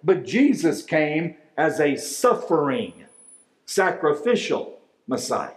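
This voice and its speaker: A man, a pastor, preaching a sermon in a deliberate, emphatic way, drawing out key words. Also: fairly high pitch, sing-song. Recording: echoey room.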